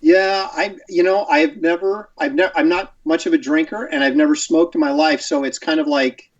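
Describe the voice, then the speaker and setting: A man's voice: fairly high pitch, fairly even intonation, moderate pace, dry recording, recorded from a distance, highs cut off. A middle-aged man who is a guest on a chat show, talking in an easygoing, rambling way over a video call and laughing often. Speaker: guest artist. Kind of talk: casual chat.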